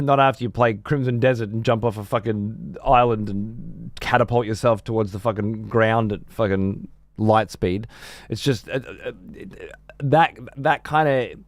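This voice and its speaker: A man's voice: medium pitch, no room sound, studio quality. A middle-aged man streaming games, chatting casually in a rambling, profane way with many restarts. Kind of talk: casual gaming stream chat.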